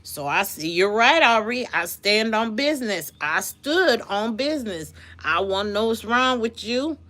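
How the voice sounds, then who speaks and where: Woman streamer, slow unhurried delivery, bright edgy tone, animated storyteller chatting with viewers. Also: a little high. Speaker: live streamer. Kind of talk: casual live-stream chat.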